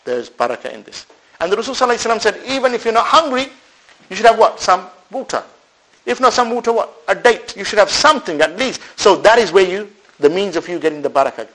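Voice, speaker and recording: A man's voice: sits high, poor audio. A man preaching a sermon to a live audience, asking rhetorical questions and answering them himself, with Arabic religious phrases woven in. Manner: animated, swings between loud and soft. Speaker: Islamic preacher.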